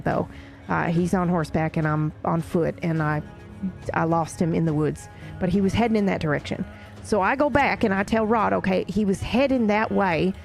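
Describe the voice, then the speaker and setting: A woman's voice: medium pitch, creaky, darkish tone. A woman recapping events in character during a roleplay session, rambling and swearing casually as she tells the story.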